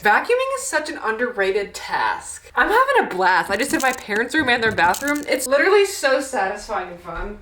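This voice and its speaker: A woman's voice: medium pitch, reverberant. A young woman in her twenties vlogging casually at home as a fitness creator, chatty and bubbly with lots of fillers, sometimes a bit out of breath. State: out of breath at times. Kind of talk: casual vlog talk to camera. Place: rooms of a house.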